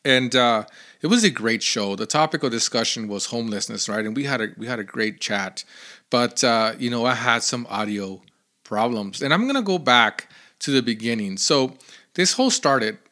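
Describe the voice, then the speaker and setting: A man hosting his own podcast, telling a rambling story in a casual, animated way with lots of fillers. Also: mid-range voice, moderate pace. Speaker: podcast host.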